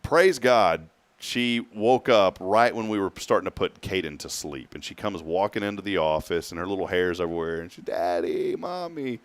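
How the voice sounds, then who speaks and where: Male morning host, deep voice, rambling storyteller who laughs a lot. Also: fairly quick, clean tone, no room sound. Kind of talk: casual chat.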